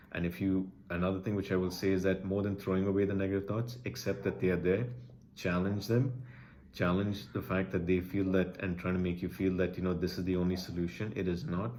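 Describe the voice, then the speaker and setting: Low-voiced man, earnest and pleading. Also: a little mellow, a little hiss or hum. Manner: earnest, pleading, emotional, repeats phrases for emphasis. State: emotional. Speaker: vlogger sharing personal experience. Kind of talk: earnest personal address to camera.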